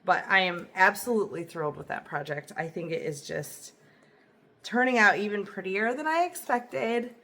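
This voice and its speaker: A chatty woman hosts her knitting vlog from home. She talks to the camera in an easygoing, enthusiastic way, full of little fillers and asides. Her voice sits at an ordinary middle pitch. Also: moderate pace, a bit bright. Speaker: knitting podcast host. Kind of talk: casual chat to camera. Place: home, indoors.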